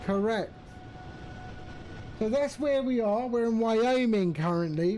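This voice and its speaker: Man, live-stream chat, high voice, slow easygoing pace, chatty. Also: mellow, a little hiss or hum, low-quality recording. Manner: chatty, greets viewers by name. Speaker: flight-sim streamer.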